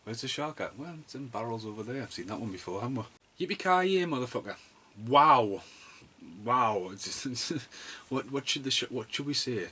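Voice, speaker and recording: A man's voice: on the low side, fairly bright tone, husky. A man giving a rambling, sarcastic and sweary review of a film. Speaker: movie reviewer. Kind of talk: casual comedic film review.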